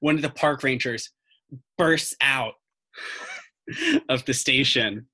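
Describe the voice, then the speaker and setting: A casual game master narrating a tabletop game. The voice is bright and the talk is loose, profane and full of restarts. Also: medium pitch, wildly swooping pitch, slow, husky.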